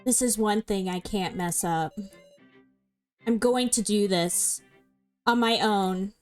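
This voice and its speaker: A woman's voice: medium pitch, slow, smooth, soft background music. A young woman streaming a game, chatting casually with a co-player, agreeing often and giggling as she thinks aloud. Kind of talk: casual let's-play chat.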